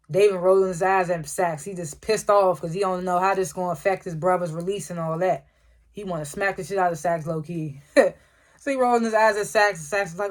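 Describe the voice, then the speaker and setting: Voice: mid-range voice, fairly even intonation. Laughing, slangy episode recapper. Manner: chuckles often while retelling scenes; acts out characters' lines in quick quotes. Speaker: TV episode reviewer.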